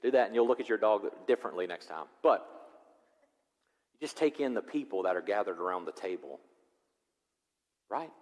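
A male pastor preaching a sermon. He moves from loud, rising preaching to quiet, reflective passages. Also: lowish voice, normal speed, long pauses. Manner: animated, swings from loud preaching to soft reflection. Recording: long hall reverb.

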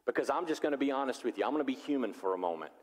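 A pastor preaching a sermon, animated and acting out the characters of the story. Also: male voice, mid-range voice, rapid-fire. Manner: animated, acts out biblical characters in voices. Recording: long reverb of a large hall.

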